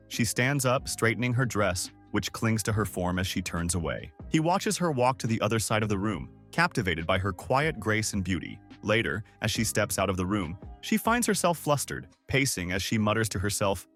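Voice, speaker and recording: A man narrating a manga recap in scripted, expressive storytelling style. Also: lowish voice, moderate pace, hardly any pauses, faint music behind.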